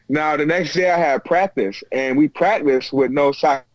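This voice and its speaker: An American UFC fighter guests over a video call from home, telling stories in a casual chat with a fairly high, animated voice and no echo. He restarts frequently and eagerly acts out what people said.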